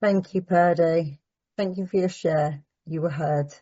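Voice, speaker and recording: A woman chairing a recovery meeting, thanking the speaker and reading a prayer in a calm, measured way. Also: on the low side, dull audio.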